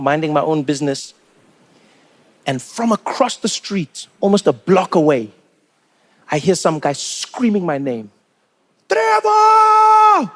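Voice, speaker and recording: A man from South Africa with a South African accent, telling stand-up stories in a chatty, animated way. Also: high-pitched. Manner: chatty, animated, acts out the voices of others. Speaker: stand-up comedian. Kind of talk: stand-up comedy storytelling.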